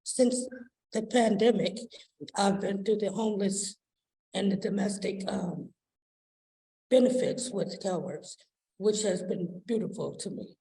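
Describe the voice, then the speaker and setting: A woman's voice: medium pitch, dark tone. Tearful, shy woman in an echoey room. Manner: shy, halting. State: tearful, emotional. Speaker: public commenter. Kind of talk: public comment at a meeting. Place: government meeting room.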